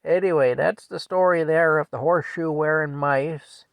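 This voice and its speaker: A man's voice: on the high side, fairly even intonation, normal speed, vocal fry, no room sound, low-quality recording. An older man telling a family story in a rambling, folksy way, often chuckling.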